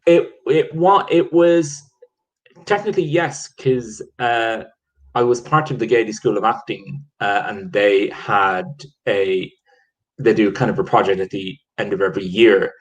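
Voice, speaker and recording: A man's voice: fairly low pitch, unhurried, lo-fi sound. A man from Ireland, a theatre producer, telling stories in a casual video-call chat with many restarts. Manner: rambling, many restarts and fillers.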